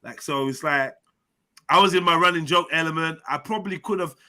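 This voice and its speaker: Male host, high and bright voice, loose slangy storyteller. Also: a little fast. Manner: animated storytelling with slang and swearing. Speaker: host and personal trainer. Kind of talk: casual live-stream chat.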